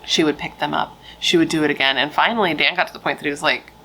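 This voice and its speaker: A woman's voice: low-pitched, steady tone, quick pace, bright, forceful tone, slight background noise, poor audio. A woman telling a true crime story in a casual, frank, chatty way, swearing freely and using lots of fillers.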